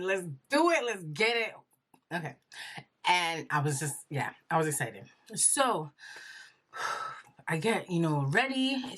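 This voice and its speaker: Low-voiced woman telling her story. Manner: chatty, animated retelling with quoted inner dialogue. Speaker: vlogger. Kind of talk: personal storytelling.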